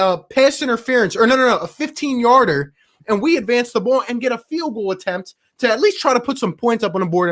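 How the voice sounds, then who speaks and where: This sports talk host has a strikingly high-pitched, fairly bright voice. Hosting a live show after the game, he sighs at each bad call, rants in exasperated passion, and keeps reaching for slang such as "my guy" and "bro."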